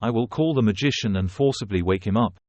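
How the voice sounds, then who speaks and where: A man's voice: fairly low pitch, quick pace, a little mellow, close to an everyday voice. A man voicing an earnest, worried male general who is grateful to his savior, in a storybook recap.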